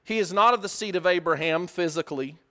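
A man preaching a sermon, asking rhetorical questions and swinging between loud emphasis and hushed lines. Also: sits high, fast.

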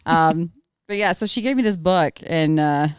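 A woman's voice: low-pitched, unhurried, smooth. A young woman co-hosting a podcast, chatting casually, laughing often and jumping from topic to topic. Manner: giggly, chatty, jumps between topics. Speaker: podcast co-host. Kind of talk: casual chat.

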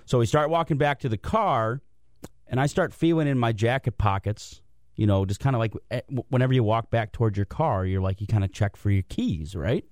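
A man on a radio sports show, telling a lively, self-mocking story about his day in casual chat. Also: mid-range voice, a little fast, no room sound, studio quality. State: out of breath from cold. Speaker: guest commentator.

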